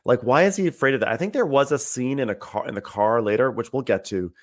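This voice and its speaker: A man in a relaxed podcast chat with a middle-pitched voice. He sounds incredulous and quotes the movie's dialogue in mock outrage. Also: quick pace. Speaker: podcast co-host. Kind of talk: casual chat.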